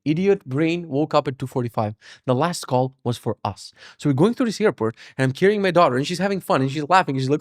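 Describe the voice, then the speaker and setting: Animated, profane storytelling man. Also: fairly high pitch, fast talker, no echo, studio quality. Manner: animated, profane, self-mocking. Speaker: podcast host. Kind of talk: casual storytelling rant.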